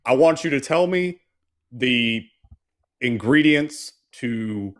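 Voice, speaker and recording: A man's voice: medium pitch, expressive, takes it slowly. A man in casual banter, chatty and curious, asking others about English accents.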